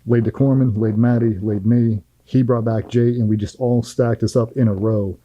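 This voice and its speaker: A middle-aged man tells a firsthand war story in a blunt, profane, vivid way. His voice is very dark and mellow, and it sounds dry and close, with almost no room around it. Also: mid-range voice, steady tone, moderate pace, dry recording, lo-fi sound. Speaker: former Navy SEAL guest.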